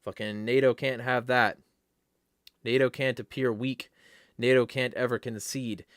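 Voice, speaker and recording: A man's voice: mid-range voice, fairly even intonation, measured pace, a bit bright, no echo, studio quality. A man hosting a casual livestream, reading chat comments aloud and ranting bluntly with lots of profanity. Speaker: livestream host.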